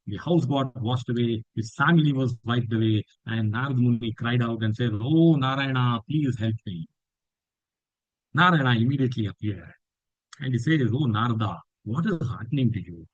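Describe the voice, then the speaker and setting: A man teaching a scripture class, telling a story with lively swings in his voice for quoted lines. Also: no room sound, highs cut off. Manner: animated storytelling that lifts pitch for quoted lines. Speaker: spiritual teacher.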